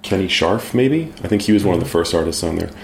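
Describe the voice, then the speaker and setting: A man's voice: deep voice, animated, fast, creaky, roomy sound, a little hiss or hum. A man talking as a guest in a casual interview, hesitant, with many ums and restarts. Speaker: guest artist.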